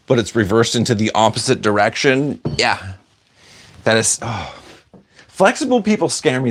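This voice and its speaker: A man casually chatting on a livestream, reading out viewer comments and answering them in a rambling, self-deprecating way. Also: medium pitch. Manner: chatty, self-deprecating, wanders off mid-sentence.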